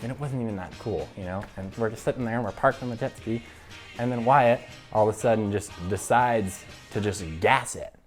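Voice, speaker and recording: A young man from the show's crew telling a crude story in a casual, animated way, laughing often. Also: on the low side. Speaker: show regular.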